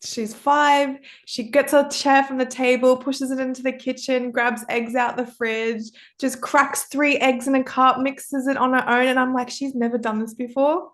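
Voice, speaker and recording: A woman's voice: high voice, flat delivery, measured pace, few pauses, fairly bright tone. A woman hosting a casual podcast interview, responding with encouragement and enthusiasm. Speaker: podcast host.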